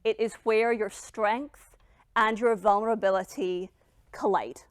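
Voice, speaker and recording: A middle-aged woman giving a dramatic motivational speech as a founder, emphatic and blunt, with long pauses. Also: mid-range voice, fairly even intonation, clear, resonant tone, no room sound, studio quality. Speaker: founder and keynote speaker.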